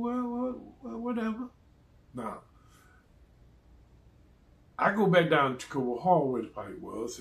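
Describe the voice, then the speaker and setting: Animated storytelling man, echoey room. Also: medium pitch. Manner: animated, laughs often, acts out quoted people. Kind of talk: casual storytelling.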